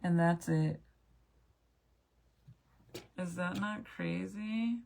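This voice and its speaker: A woman's voice: lowish voice, drawn-out words, vocal fry, a little mellow, a little hiss or hum. A young woman chatting casually with viewers as she looks back through old family photos, swearing now and then. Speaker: mom vlogger.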